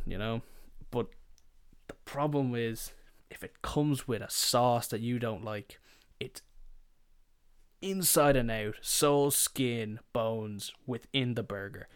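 Young man, casual storyteller, swears a lot, mid-pitched, dry close recording. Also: measured pace, clean tone, no echo. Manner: swearing, rambling, quoting family members. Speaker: podcast host.

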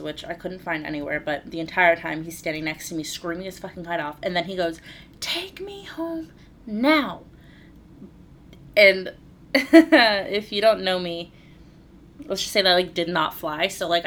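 A woman's voice: fairly low pitch, fairly bright tone, a little hiss or hum. A woman in her thirties, co-hosting a podcast, telling a story in casual chat with laughs and swearing. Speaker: podcast co-host.

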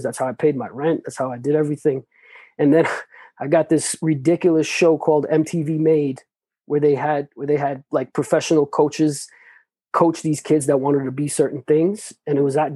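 Husky-voiced man telling his story. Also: a little high, warm tone, no room sound, rough recording. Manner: loose, profane, full of restarts and "like". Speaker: interview guest. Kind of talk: casual storytelling.

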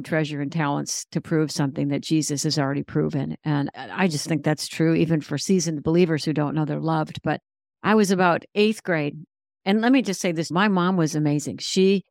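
A woman's voice: deep voice, a little mellow, no room sound, clean studio sound. A middle-aged woman, a guest author and speaker, giving a personal faith testimony in an earnest, reflective way.

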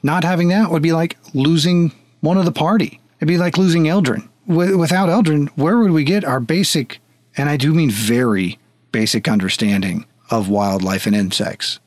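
A man's voice: a little high, moderate pace, dry recording. Wry, joking male game master. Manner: wry, joking, casually profane. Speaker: game master and podcast host. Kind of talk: running a tabletop game, then patron thanks.

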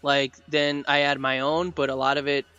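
A man's voice: medium pitch, little pitch movement, moderate pace, bright, forceful tone, smooth, dull audio. A man co-hosting a podcast in casual chat, rambling with many fillers and laughing often. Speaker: podcast co-host and dinosaur artist.

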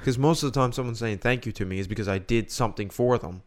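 A man's voice: mid-range voice, quick pace. A young man co-hosting a podcast, chatting casually and rambling as he thinks aloud. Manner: rambling, restarts and muses aloud. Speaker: podcast co-host. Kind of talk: casual chat.

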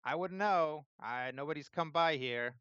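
A man's voice: a little high, a little slow, fairly bright tone, clean tone, no echo, pitched above the performer's own voice. A jittery old bird innkeeper, as a man puts him on, stammering and talking his way out of trouble in a raised voice. The recording is slightly muffled and lo-fi. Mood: nervous. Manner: stammering, evasive.

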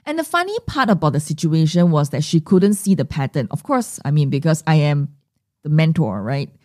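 A woman's voice: low voice, big pitch swings, normal speed, dark tone, no echo, studio quality. A middle-aged woman hosting her money mindset podcast, telling stories animatedly and acting out the voices she quotes. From Singapore. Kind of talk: solo podcast monologue.

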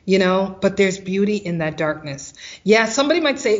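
A woman guest telling a personal story of hardship and faith, animated and acting out the voices of others. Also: mid-range voice, moderate pace, lo-fi sound. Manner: animated, acts out quoted voices.

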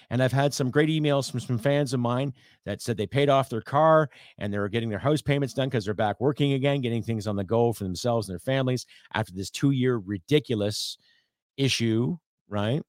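A man's voice: mid-range voice, no room sound. Man, from Canada, podcast host, ranting, sarcastic, swears, dry close sound.

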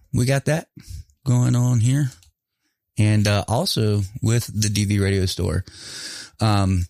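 A man's voice: lowish voice, a little mellow, no room sound. A man hosting a casual talk show, laughing often and swearing casually, with stories and a store plug. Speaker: podcast host. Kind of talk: casual chat with ad read.

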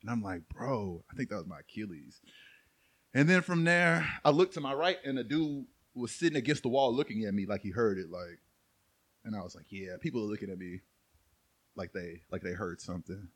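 Laid-back young man with a lively voice. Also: on the low side, brisk, breathy edge, dry recording. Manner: laid-back storytelling, laughs often. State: recovering from an Achilles tear. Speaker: podcast co-host. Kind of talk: casual chat.

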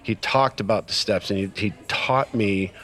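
A man's voice: on the low side, moderate pace. A middle-aged man telling a personal story in casual conversation, acting out quoted dialogue with lots of fillers. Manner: animated retelling with quoted dialogue, many fillers. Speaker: guest sharing recovery story.

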